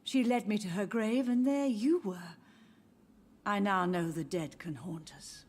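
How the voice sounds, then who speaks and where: A woman's voice: mid-range voice, a little slow, noisy background, natural voice. An actress voicing a frail elderly mother in a video game, grieving and confused, speaking in a wistful, drifting way. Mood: sorrowful. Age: older. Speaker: game character. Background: soft game music.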